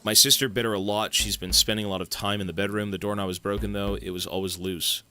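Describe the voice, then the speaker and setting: A man reading a calm, eerie little boy. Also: lowish voice, quick pace. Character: young boy, calm, teeth growing through him.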